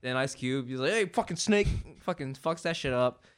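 A man co-hosting a casual podcast, telling stories in an animated, profane way. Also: medium pitch, normal speed, clean tone. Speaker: podcast co-host.

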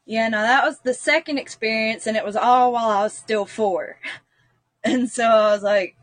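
A woman, a guest, tells a personal story in an earnest, meandering way, leaning on "like" as she goes. Her voice sits somewhat high. The sound is dry and close, with no room around it. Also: steady tone, normal speed, no echo. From North Carolina, US. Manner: earnest, rambling with frequent "like".

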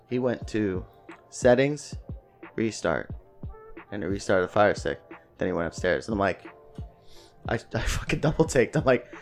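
A man's voice: lowish voice, a little slow, pauses often, soft background music. A young man co-hosting a podcast, telling a family story in casual chat, swearing often and acting out what others said. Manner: animated, swears a lot, acts out family quotes. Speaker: podcast co-host.

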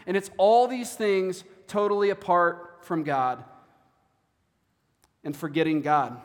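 High-voiced man preaching in a reverberant hall. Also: unhurried, pauses often. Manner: earnest, repeats words while preaching. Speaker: pastor. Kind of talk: sermon.

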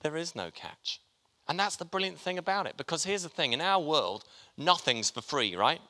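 A man's voice: a little high, very animated, normal speed, pushed and bright. A man preaching a sermon, chatty and joking with his congregation as he talks. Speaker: pastor. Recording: long hall reverb.

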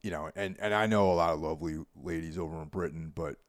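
A man with a New York accent, co-hosting a podcast in a laid-back, rambling way that trails off quietly. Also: very deep voice, quick pace, dry recording. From Carmel, New York. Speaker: podcast co-host. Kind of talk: casual chat.

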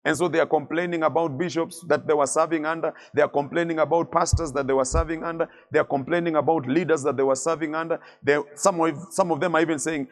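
A middle-aged man delivers a sermon as a bishop, his voice pitched somewhat high for a man. He drives his points home through repeated phrases and lets his lines sink down low at the close. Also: steady tone, fast talker, few pauses. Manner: emphatic preaching with repeated phrases and falling endings. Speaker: bishop preaching.

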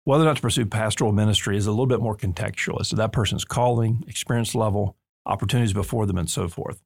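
A man's voice: fairly low pitch, quick pace, creaky, breathy edge, no echo. A man hosting a podcast in a studio, talking in an emphatic, earnest way with touches of humor. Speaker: podcast host and seminary leader. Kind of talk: conversational podcast discussion.

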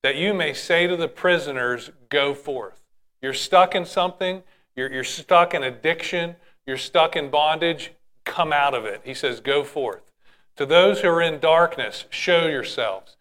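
Male preacher, slightly higher voice, plain explanatory Bible teaching. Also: a little slow, a bit bright. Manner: reads scripture then explains it in plain words.

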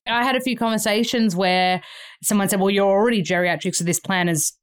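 A woman in her thirties with an Australian accent, a guest telling lively stories and acting out the people in them. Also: medium pitch, a little fast, clear, resonant tone. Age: 30s. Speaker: guest, actor. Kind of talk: animated storytelling in a chat.

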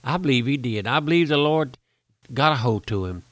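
A man's voice: mid-range voice, lively intonation, a little fast, a bit bright, no echo. An older man preaching a folksy radio sermon, pleading with the listener and rising to emphatic peaks.

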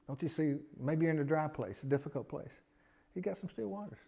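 A man preaching a sermon, earnest, often repeating his words and swinging from loud emphasis to a hushed voice. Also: a little high, a little fast, creaky, husky. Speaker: pastor.

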